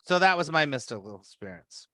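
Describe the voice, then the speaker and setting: Bright, animated man telling a story. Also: a little high, brisk, dry recording, studio quality. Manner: animated, acts out his own reactions in quotes; rambling with frequent restarts. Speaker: spiritual teacher leading a meeting. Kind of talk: casual storytelling to a group.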